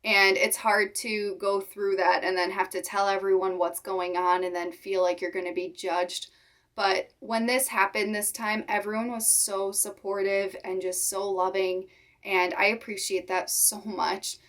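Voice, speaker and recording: A woman's voice: medium pitch, flat delivery, a bit bright. Tearful young woman vlogging. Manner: tearful, halting, sincere. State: holding back tears. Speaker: reptile keeper vlogger. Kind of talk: emotional personal vlog talk.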